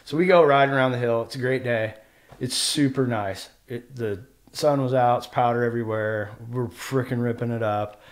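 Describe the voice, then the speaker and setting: A middle-aged man from Washington State, a pro snowboarder, telling stories as a podcast guest and acting out the voices in them. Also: normal speed. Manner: animated storyteller who acts out quotes with jumps in pitch and loudness. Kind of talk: casual storytelling interview.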